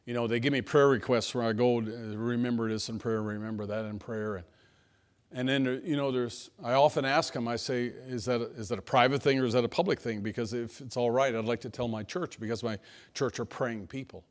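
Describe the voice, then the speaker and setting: A man's voice: mid-range voice, fairly even intonation, moderate pace, smooth. Man preaching in a folksy, storytelling way. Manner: folksy, swinging between hushed and emphatic. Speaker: pastor. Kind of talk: sermon with personal storytelling. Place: church sanctuary.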